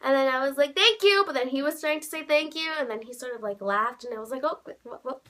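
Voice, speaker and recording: A young woman chatting straight to her vlog camera in a high, bright voice. She tells the story in gushing bursts full of "like", and her voice jumps even higher whenever she acts out what she said. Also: fast. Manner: gushing, heavy use of "like", bursts of squealing quotes. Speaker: vlogger.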